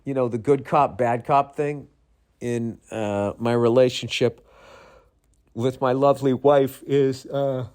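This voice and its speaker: A man's voice: medium pitch, slow, clean tone. A middle-aged man hosting a podcast, telling rambling comic stories in a tired, profane, casual way, now and then imitating voices. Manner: profane, rambling, animated storytelling with mimicked voices. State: tired, yawning. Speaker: podcast host. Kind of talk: casual comedic monologue.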